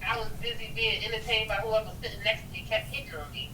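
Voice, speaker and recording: A woman calling into a casual podcast, measured and gently skeptical as she chats. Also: a little high, level tone. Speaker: guest calling in. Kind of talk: casual chat. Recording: echoey, distant line with faint noise.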